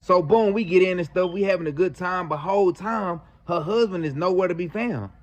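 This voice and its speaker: A man casually telling a true story, slangy and animated, full of fillers. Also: high-pitched, a little fast, highs cut off.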